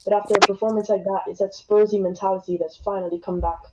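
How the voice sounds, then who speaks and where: A man's voice: sits high, little pitch movement, fast, very noisy. A fourteen-year-old American boy calling in with a slight English twang, earnest and hedging with ums. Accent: American with some English twang. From United States. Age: teens. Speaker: caller. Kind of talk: football opinion call-in. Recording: dull lo-fi call audio.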